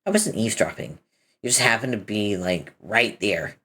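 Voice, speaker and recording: A woman's voice: rumbling low, normal speed, breathy edge. A woman reading a comic aloud, voicing its characters and adding casual commentary between lines. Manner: animated, switches between character voices. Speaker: reader of a webcomic.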